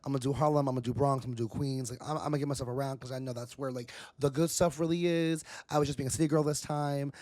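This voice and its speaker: A man co-hosting a podcast, telling animated, profane stories in casual chat with frequent restarts. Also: medium pitch, rapid-fire, hardly any pauses, no echo. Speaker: podcast co-host.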